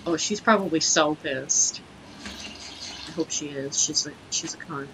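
A young woman hosting casual gaming commentary, crude, giggly and excitable, talking over her play. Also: low-pitched, unhurried, background noise. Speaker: host.

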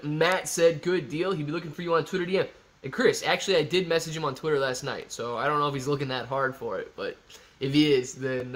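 A man's voice: a little high, fairly bright tone. A young man hosting a casual live stream, reading viewer comments aloud and joking back, calling everyone man and bro.

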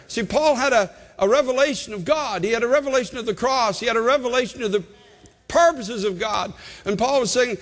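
A man's voice: very high-pitched, lively intonation, fairly quick, a bit bright. An older man preaching a sermon as a pastor, impassioned and urgent, often repeating his words as he builds up. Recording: long reverb of a large hall.

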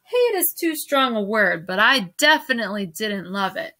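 A woman's voice: mid-range voice, very animated, moderate pace, bright, forceful tone. A woman reading a novel aloud, voicing a playful, affectionate father speaking to his young son. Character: warm, joking father of a young boy.

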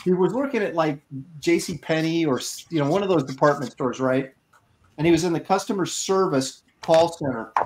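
Man, slightly higher voice, amused, relaxed anecdotes, casual chat. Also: a little fast. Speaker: co-host artist. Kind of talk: casual chat while drawing.

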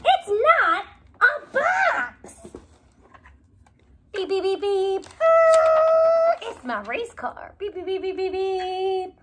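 A woman doing an excitable little rabbit. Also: very high voice, slow, heavy background noise, full character voice. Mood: excited, playful. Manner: shouts sound effects and imaginary games.

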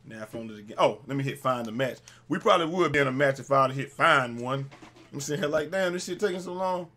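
A young man giving casual gameplay commentary with friends, joking, swearing a lot and breaking into loud yells when the action picks up. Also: mid-range voice, animated, brisk. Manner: swears a lot and breaks into yelling mid-game; jokey, trash-talking banter. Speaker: gaming commentator.

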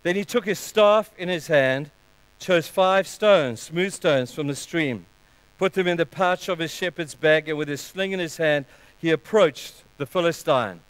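A man preaching a sermon, telling stories in an earnest, animated way. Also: a little high, measured pace, smooth, no echo, poor audio. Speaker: pastor.

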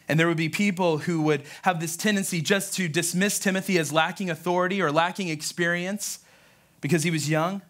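Bright-voiced pastor preaching. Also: male voice, fairly high pitch. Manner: lively storytelling, acting out voices in quotes. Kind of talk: sermon.

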